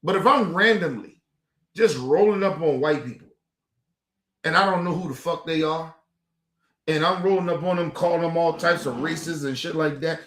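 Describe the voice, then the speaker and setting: Male stream host, higher pitch, heated and profane, echoey room. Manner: profane, animated, repetitive. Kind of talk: heated commentary.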